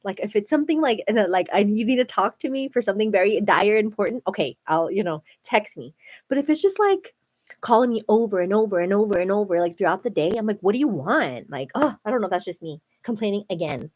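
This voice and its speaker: A young American woman chats casually with live viewers as host of her stream, saying "like" and "girl" over and over. Her voice is medium in pitch with a darkish tone and lively intonation, and she's a fast talker.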